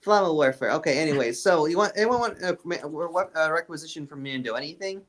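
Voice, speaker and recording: A man's voice: on the high side, expressive, very fast, fairly bright tone. A man running a tabletop horror campaign as game master, rambling and stumbling over repeated words.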